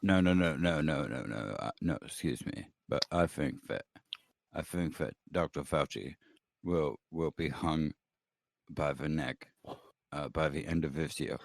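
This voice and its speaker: A man doing a slow, low, drawling impression of a stuffy man with trouble saying his R's, as a comedy bit. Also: gravelly, no room sound, full character voice. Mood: grave. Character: stuffy man with a speech impediment, lofty.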